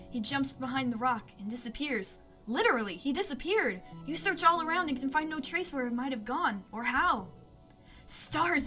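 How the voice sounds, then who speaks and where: A woman hosting a gaming video, reading the game's story text aloud and breaking into excitable, squealing reactions. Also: high-pitched, normal speed, faint music behind.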